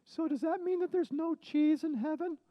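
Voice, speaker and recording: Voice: high voice, moderate pace, no room sound, lightly acted. A performer voicing a playful, curious puppet character who asks cheeky joking questions in a children's puppet show, in a dry, dull lo-fi recording.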